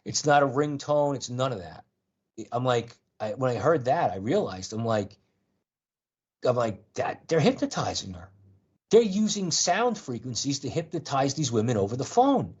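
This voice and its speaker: A middle-aged man calls in and tells his story in an earnest, rambling way, doubling back and restarting often. His voice is husky, at a middle pitch. The line sounds dull and lo-fi. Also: very animated, normal speed, darkish tone. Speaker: call-in guest. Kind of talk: storytelling in conversation.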